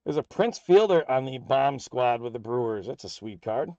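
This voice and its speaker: A man hosting a live card break, calling out player names and teams as packs are opened in a steady, upbeat patter. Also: mid-range voice, moderate pace, creaky, dry recording, dull audio. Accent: American.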